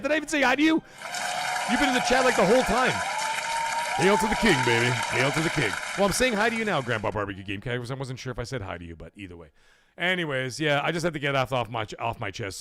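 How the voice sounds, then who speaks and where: A man from Canada hosting a casual livestream podcast, reading viewer messages aloud. He rambles, swears freely, and his energy swings between high and low. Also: gravelly, a bit bright.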